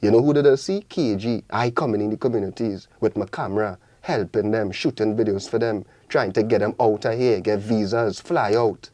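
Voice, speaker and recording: A man's voice: lowish voice, brisk, hardly any pauses, darkish tone. A young man with a strong Trinidadian accent speaks in a radio studio. He drives his points home with passionate, repeated rallying lines, and the dry room adds no echo. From Trinidad and Tobago. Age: young adult. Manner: passionate, preachy, repetitive rallying calls. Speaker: guest artist. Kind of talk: radio interview.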